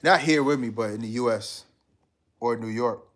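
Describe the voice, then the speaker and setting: A man's voice: medium pitch, normal speed, fairly bright tone. A man hosting a live stream, chatting casually and reading out viewer comments in a laid-back, slangy way. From United States.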